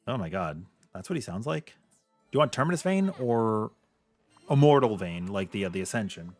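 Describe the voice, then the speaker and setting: A man's voice: lowish voice, big pitch swings, moderate pace, soft background music. A man streaming a video game, chatting casually with his viewers and sharing blunt opinions. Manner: chatty and opinionated, reacting to chat. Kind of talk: casual live-stream chat.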